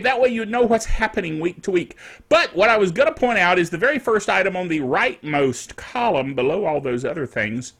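A middle-aged man chats through his solo netcast with a high, bright voice. His pitch swings widely as he jokes and wanders into playful asides. Light, animated delivery. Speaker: podcast host. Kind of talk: casual solo netcast chat.

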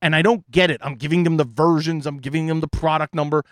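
A man's voice: fairly high pitch, steady tone, fast, no echo, studio quality. A man, an IT consultant, telling an exasperated story in a casual monologue.

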